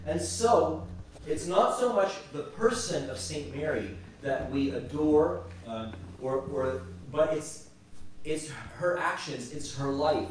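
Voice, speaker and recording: Church teacher, man, fairly high voice, halting storyteller, heard from a distance in a very echoey church. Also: animated, slight background noise. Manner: halting, repeats words while retelling stories. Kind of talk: storytelling religious class talk.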